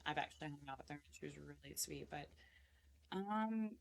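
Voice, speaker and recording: A woman's voice: sits low, brisk, gravelly. A woman co-hosting a casual podcast, talking outspokenly with lots of "like". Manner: outspoken, frequent "like". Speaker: podcast co-host. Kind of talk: casual chat.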